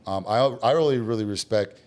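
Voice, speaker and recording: Deep-voiced man telling a blunt story. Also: fairly quick. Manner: blunt, animated, acts out quoted dialogue. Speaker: guest business owner. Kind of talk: casual storytelling.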